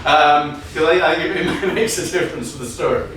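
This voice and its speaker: A man telling an improvised comic story on stage, energetic and often laughing as he riffs on audience prompts. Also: on the high side, moderate pace. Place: comedy venue stage. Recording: echoey room from far off, faint noise.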